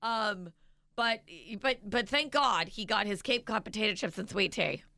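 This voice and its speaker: A woman co-hosting a radio show, telling a family story in lively casual banter and acting out each person in it. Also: mid-range voice, normal speed, vocal fry, no echo, clean studio sound. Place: radio studio.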